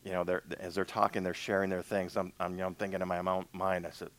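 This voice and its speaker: A man's voice: sits low, flat delivery, quick pace. Man preaching a conversational sermon. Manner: conversational preaching, acts out dialogue with God. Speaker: minister.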